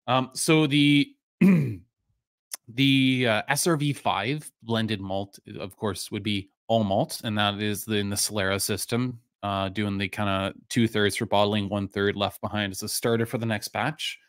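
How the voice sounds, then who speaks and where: A man hosting a live stream, chatting casually and answering viewers in a loose, rambling way with lots of fillers, his voice going a little hoarse. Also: fairly low pitch, unhurried, dry recording, clean studio sound. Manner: relaxed, rambling, many fillers and restarts. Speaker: live-stream whisky reviewer, host.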